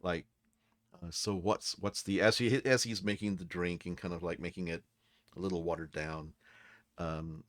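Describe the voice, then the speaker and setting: A man's voice: sits low, steady tone, normal speed, dry recording. A man narrating as dungeon master of a tabletop game, laid-back and playful. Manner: laid-back, playful, slips into character voices.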